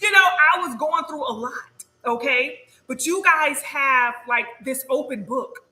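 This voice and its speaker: A woman's voice: high-pitched, measured pace, bright, forceful tone, reverberant, poor audio. A woman hosting a spiritual livestream, chatting casually and often checking in with "okay?" and laughing.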